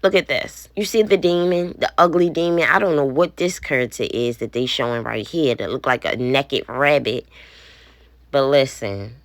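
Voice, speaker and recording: A woman's voice: a bass voice, normal speed, no echo. A woman in her thirties, a mother vlogging in a blunt, indignant manner and swearing now and then. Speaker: parent vlogger. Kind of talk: casual vlog, showing a phone.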